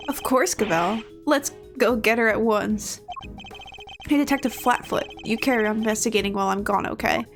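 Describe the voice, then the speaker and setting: A woman's voice: on the high side, normal speed, soft background music, natural voice. A woman voicing a brash, boastful teenage boy who craves attention.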